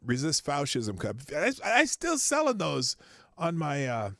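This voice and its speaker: Middle-aged guy rambling on his livestream, gravelly voice, dry close sound, swears casually. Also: on the high side, huge pitch swings, a little slow, bright, forceful tone, dry recording. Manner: rambling and loose, swears offhandedly. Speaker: livestream show host. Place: small home streaming studio.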